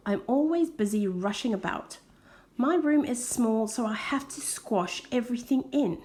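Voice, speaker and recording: A woman reading a children's picture book aloud, expressive, with soft whispered asides. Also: on the high side, moderate pace. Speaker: storybook reader.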